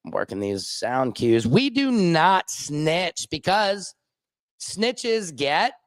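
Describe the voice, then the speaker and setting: A man's voice: fairly high pitch, very animated, takes it slowly, no room sound. A man hosting a casual livestream, telling rambling anecdotes full of fillers and asides. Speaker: host. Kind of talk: casual livestream chat and storytelling.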